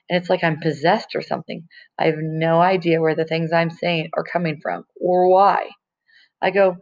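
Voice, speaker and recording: A woman's voice: sits low, steady tone, moderate pace, darkish tone. A woman reading a novel chapter aloud in a casual, conversational way, in a dull lo-fi recording. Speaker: audiobook reader.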